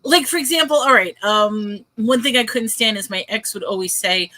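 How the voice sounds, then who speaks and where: Bright, lively woman hosting a chat. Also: on the high side, moderate pace, no echo, poor audio. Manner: animated storyteller, laughs often. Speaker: host. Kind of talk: casual chat on a live stream. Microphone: video call.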